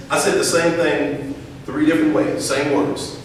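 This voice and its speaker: A man's voice: mid-range voice, very animated, moderate pace. A man gives a motivational talk to students. He repeats his key phrases and leads the room in call-and-response. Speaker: speaker teaching young people. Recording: echoey hall from far off, faint hiss.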